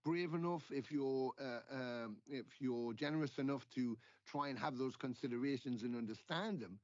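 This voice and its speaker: A middle-aged man from England, a guest musician in a casual interview, telling stories with lively acted-out quotes and plenty of swearing. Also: mid-range voice, moderate pace, no room sound. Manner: animated storyteller, acting out quoted exchanges, swears freely. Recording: dull lo-fi sound.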